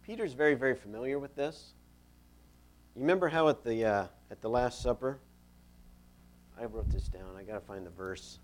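A male preacher giving a sermon in a relaxed, conversational tone. He tells the story plainly and leans hard on key words. His voice sits at an ordinary middle pitch. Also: moderate pace, pauses often, slight background noise.

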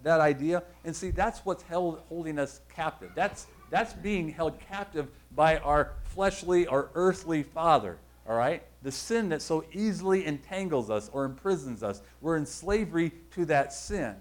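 A man's voice: on the high side, rough recording. This is a male pastor with a somewhat raised voice giving a sermon. He speaks in an easygoing, conversational way. He wanders between thoughts and often corrects himself mid-sentence. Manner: conversational, rambling, self-correcting.

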